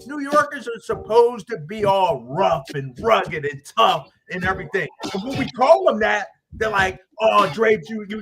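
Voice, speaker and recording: A man hosting sports radio, ranting in a fired-up, animated way straight at rival fans. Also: high-pitched. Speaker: sports radio host and team broadcaster. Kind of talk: casual sports talk rant.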